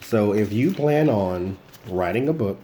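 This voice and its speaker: A man's voice: fairly low pitch, expressive, measured pace, noisy background. A man giving a casual tarot reading, talking bluntly and directly to a person who is not there. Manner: blunt, speaks straight to an absent person. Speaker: tarot reader.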